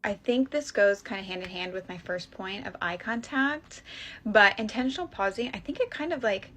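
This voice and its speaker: A woman's voice: mid-range voice, lively intonation, moderate pace, fairly bright tone. Chatty playful woman giving tips. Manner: chatty, playful, many fillers. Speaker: dating advice creator. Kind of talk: casual advice clip.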